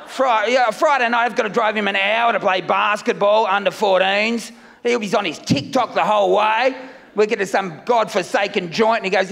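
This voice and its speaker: A middle-aged man from Melbourne with an Australian accent, doing a loud, rambling, self-mocking stand-up routine on a festival stage. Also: high voice, brisk, creaky, long reverb tail, slight background noise. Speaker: stand-up comedian. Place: comedy festival stage with live audience.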